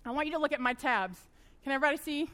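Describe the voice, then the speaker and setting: A woman in her thirties teaching a church Bible study, fast-talking and animated as she tells stories to a live group. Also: high-pitched.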